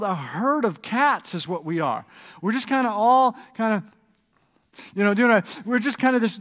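A man with a high voice delivers a sermon to his congregation. He keeps it conversational and lively and stops for asides to the crowd. His voice rings out in a large, reverberant church hall. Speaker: pastor. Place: church sanctuary.

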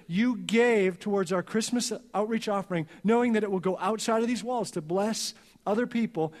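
A male pastor preaching a sermon earnestly, going soft and slow on key lines. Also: high voice. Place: church sanctuary. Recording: long reverb of a church hall.

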